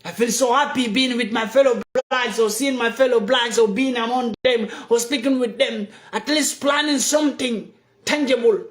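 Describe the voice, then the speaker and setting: High-voiced man preaching in an echoey room. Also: fairly bright tone. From Africa. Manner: emphatic and repetitive, preaching slowly. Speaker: video blogger. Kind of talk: impassioned monologue to camera. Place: seated indoors.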